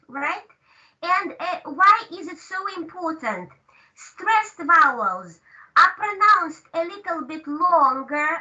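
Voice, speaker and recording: Woman lecturer, very high and bright voice, slow deliberate delivery, distant dull lo-fi mic. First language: Russian. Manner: slow, repetitive, checks in with "right?". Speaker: language teacher. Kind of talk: online class lecture.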